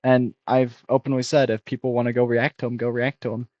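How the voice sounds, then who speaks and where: A young man in his twenties rambles through a casual reaction stream, blunt and critical, often restarting sentences. His voice sits in a middle pitch. It is recorded dry and close, with no room sound. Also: level tone, fairly quick, a little mellow, dry recording, muffled recording. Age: 20s. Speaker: streamer reacting to a review video.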